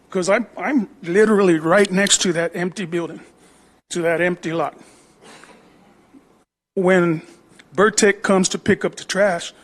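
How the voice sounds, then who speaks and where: A man's voice: high-pitched, a bit bright. A middle-aged homeowner, a man, speaking at public comment, aggrieved and plain-spoken about a project next door. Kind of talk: city council public comment.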